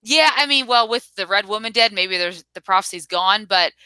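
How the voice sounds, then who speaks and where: Female co-host, casual chat, bright and smooth voice, dry mic. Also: mid-range voice, animated, normal speed, no echo. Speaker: podcast co-host. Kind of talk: casual chat reviewing a TV episode.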